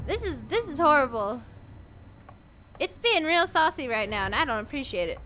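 A woman's voice: high-pitched, sing-song, a little slow, long pauses, a bit bright, slight background noise. A woman streaming a horror game, giggling, talking to herself and to chat, and easily startled.

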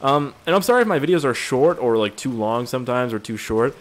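A man's voice: medium pitch, animated, fairly quick. Young man rambling over gameplay. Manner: rambling, profane, easily amused. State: tired. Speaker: gaming video creator. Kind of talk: casual gameplay commentary.

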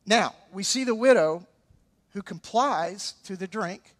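Slow and high-voiced, a Southern pastor from Alabama delivers a lively sermon, peppering it with jokes aimed at the congregation.

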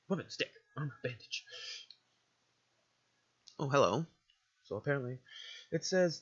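A man's voice: a little high, very animated, fast talker, pauses often, slightly rough, muffled recording. Profane, jokey gamer man. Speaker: let's play gamer. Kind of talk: casual gameplay commentary.

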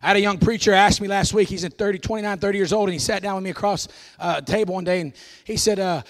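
A pastor preaching a folksy, emphatic sermon, often bursting into shouts. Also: male voice, sits high, fairly even intonation, fast.

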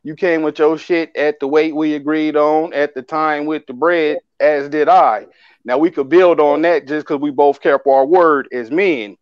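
A man's voice: a little high, steady tone, a little slow, smooth, no echo, dull audio. A man co-hosting a casual chat, talking bluntly with heavy swearing. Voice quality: profane, blunt street talk. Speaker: podcast co-host.

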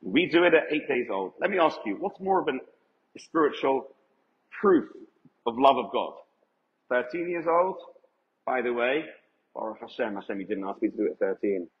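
A male rabbi delivers an emphatic Torah lecture to a live audience in an event hall, putting questions to them. His mid-range voice has a sing-song quality, moving at normal speed with frequent pauses. The recording is echoey, dull and lo-fi.

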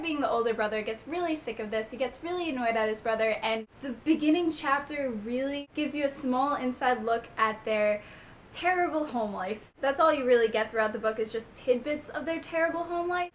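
A woman's voice: a little high, fairly bright tone, slight background noise. A young woman vlogging a casual monthly book wrap-up, upbeat and gushing about what she read. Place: home, Long Island.

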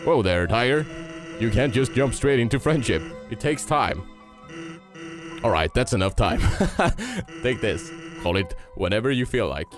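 A man reading a relaxed, teasing skeleton's lines from a game. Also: mid-range voice, unhurried, over music, pitched below the performer's own voice. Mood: laid-back. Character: laid-back joking skeleton man.

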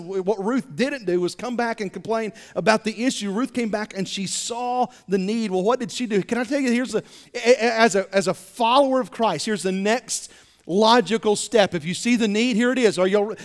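High-voiced pastor preaching in a reverberant sanctuary. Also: male voice, normal speed. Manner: animated, repeats words while building to points, rising loud emphasis. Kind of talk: sermon. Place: church sanctuary.

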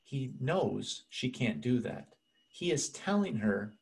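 A man's voice: medium pitch, big pitch swings, slow pace, vocal fry. A man preaching a sermon as pastor, earnest and conversational, speaking to the congregation as friends.

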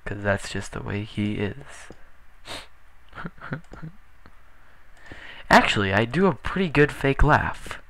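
A man's voice: fairly low pitch, sing-song, normal speed, gravelly, hardly any pauses, a bit bright. A young man casually commentating his gameplay, rambling with self-deprecating jokes. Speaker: gaming channel host. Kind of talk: casual Let's Play commentary.

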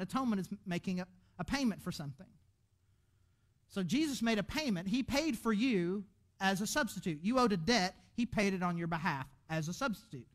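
A man preaching a sermon as pastor in a church, animated and conversational, restarting his words often. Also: high voice. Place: church auditorium.

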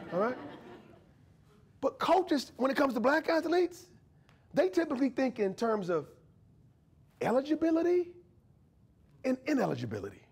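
Guy lecturing to a crowd, pretty high voice, swings up and down a lot, jokey, keeps asking "all right?". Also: husky. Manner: animated, joking, often checks in with the audience. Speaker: history professor giving a guest lecture. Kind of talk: lively conversational lecture. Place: university lecture to a live audience.

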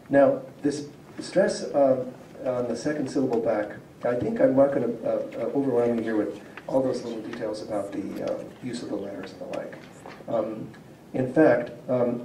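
A man's voice: medium pitch, dark tone. A man, a professor, giving a public lecture in a conversational, explaining way and reading out word examples. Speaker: professor of Slavic linguistics. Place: civic centre lecture room. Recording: echoey room, voice from far off, faint hum.

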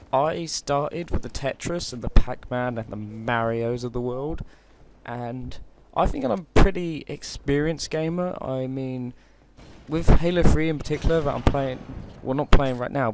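A man's voice: medium pitch, heavy background noise. A British man giving casual gameplay commentary, chatty and joking with many hesitations. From Britain. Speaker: gaming commentator. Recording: clear gunfire from game audio behind. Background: game gunfire and explosions.

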